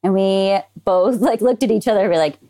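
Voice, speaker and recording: A woman's voice: medium pitch, fairly quick, mellow. A woman who is a veterinary anesthesia technician, a guest in casual podcast chat, friendly and matter-of-fact, laughing now and then.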